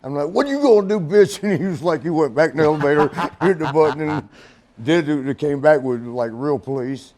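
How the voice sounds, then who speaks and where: A man's voice: fairly high pitch, fairly even intonation, a little fast, darkish tone. A middle-aged man, a former wrestler, telling profane, rambling stories in a studio interview, laughing often and acting out the voices of the people he quotes. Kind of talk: casual storytelling interview.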